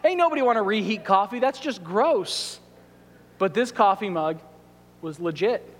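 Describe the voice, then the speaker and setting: Male pastor, high-pitched and animated storyteller, long reverb from the sanctuary. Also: moderate pace. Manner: animated storytelling with quoted asides. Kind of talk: sermon. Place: church sanctuary.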